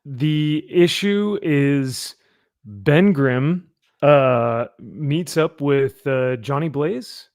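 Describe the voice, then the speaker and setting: A man's voice: fairly high pitch, drawn-out words, darkish tone, no room sound, studio quality. A man hosting a casual comic book chat, rambling with many fillers and laughs. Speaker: podcast host. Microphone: headphones and desk mic.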